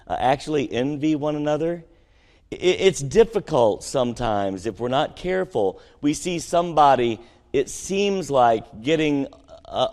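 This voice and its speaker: Preaching man in a reverberant hall. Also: mid-range voice. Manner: rising to emphatic peaks, then dropping quiet and conversational; asks the congregation questions. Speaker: pastor. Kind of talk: sermon.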